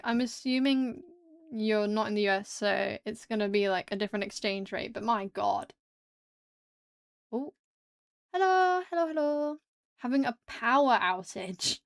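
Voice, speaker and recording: A woman's voice: fairly high pitch, dry recording, studio quality. A young British woman with a British English accent, chatting casually with her viewers while she draws, laughing often and exclaiming at the chat. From Britain. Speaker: streamer.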